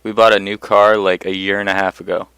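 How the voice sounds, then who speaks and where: A young man tells a personal story straight to the camera, blunt and profane, getting worked up as he goes. His voice sits low and sounds smooth and clear. The sound is dry and close, with no room echo. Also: flat delivery, brisk, a bit bright. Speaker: vlogger. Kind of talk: casual storytelling monologue.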